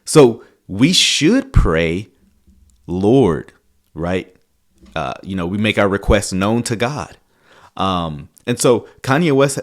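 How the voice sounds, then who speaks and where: A man's voice: fairly low pitch, expressive, measured pace. A man hosting a theology channel, giving emphatic, preacherly commentary on video clips.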